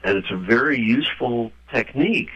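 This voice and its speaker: A man being interviewed, talking in a lively storytelling way and acting out the voices he quotes. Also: medium pitch, normal speed. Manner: animated, acts out quoted voices. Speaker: guest author. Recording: dull lo-fi radio audio.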